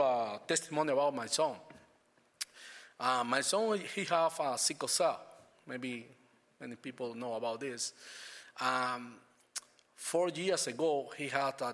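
A man's voice: medium pitch, a bit bright, in a large hall. Man giving church testimony. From Cuba. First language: Spanish. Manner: halting non-native English with frequent restarts.

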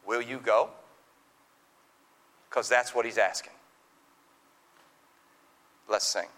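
A man preaching a sermon, retelling a scripture story slowly and dramatically with quoted dialogue. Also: mid-range voice, fairly even intonation, sharp tone, rough recording. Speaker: pastor.

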